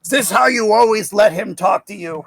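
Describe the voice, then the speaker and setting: A man voicing a gruff, territorial male starship engineer who heckles loudly and scornfully. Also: high voice, moderate pace, no room sound, clean studio sound.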